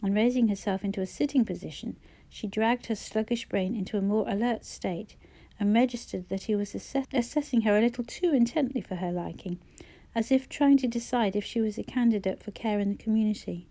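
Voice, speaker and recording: A woman reads a novel aloud in measured, even narration. Her voice is mellow and warm, pitched in a middle range, with a steady storytelling pace. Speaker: audiobook narrator. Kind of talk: scripted narration.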